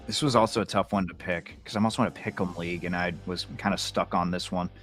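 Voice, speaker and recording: A man with a lowish voice co-hosts a casual football chat, stumbling and repeating himself before he commits to a pick. He speaks over a video call, with faint music behind him. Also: steady tone, quick pace, hardly any pauses, a bit bright. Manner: hesitant, repeats words before settling on a pick. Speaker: co-host giving picks. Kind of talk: casual sports picks chat.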